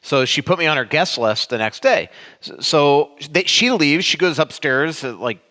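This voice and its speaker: A man from Florida, a sports writer and co-host, telling a meandering, animated story in casual podcast chat. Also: a little high, moderate pace. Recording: long hall reverb.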